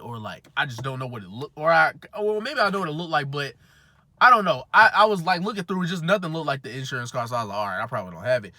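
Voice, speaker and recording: A young man casually telling a story about a car mishap, slangy and animated, his voice jumping high when he acts out his own reactions. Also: no echo. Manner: slangy, full of fillers like "boom" and "bro". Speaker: vlogger.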